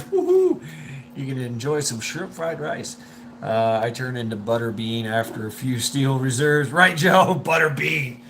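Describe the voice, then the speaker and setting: A man's voice: medium pitch, sharp tone, slight background noise, poor audio. A man hosting a casual livestream, rambling and stammering with lots of swearing while he answers viewer comments, with a wheezy smoker's voice. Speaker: livestream host.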